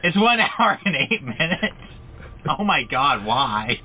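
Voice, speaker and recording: A man's voice: on the high side, very animated, slow pace. A man co-hosting a casual horror book club podcast, laughing often and tripping over his words. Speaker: podcast co-host. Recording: tinny phone-like sound, faint noise.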